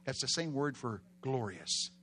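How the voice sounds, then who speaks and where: A man with a Texan accent, preaching a sermon in a folksy storytelling way, with bursts of loud emphasis. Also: mid-range voice, expressive, a little slow, slightly rough. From Texas.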